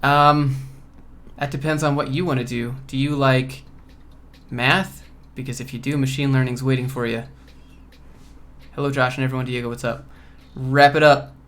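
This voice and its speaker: Brief: easygoing male coding streamer from Georgia, crisp bright tone, chatting through viewer questions. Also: medium pitch, normal speed. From Georgia, USA. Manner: relaxed, offhand, reads chat questions aloud. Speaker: coding YouTuber host. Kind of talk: casual livestream Q&A. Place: home.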